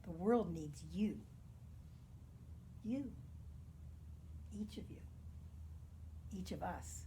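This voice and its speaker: A woman minister giving a gentle, earnest spiritual talk, sometimes dropping to a soft near-whisper. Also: on the low side, lively intonation, extremely slow, slight background noise.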